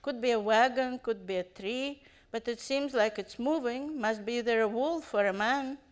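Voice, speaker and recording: A woman's voice: a little high, moderate pace, close to an everyday voice. A woman voicing a wary, deferential male coachman while reading a story aloud.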